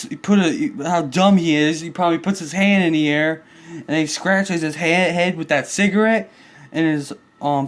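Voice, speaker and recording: A man hosting his own video channel, delivering an angry, crude, swear-filled rant about a neighbor. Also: on the high side. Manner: crude, heated, swearing constantly.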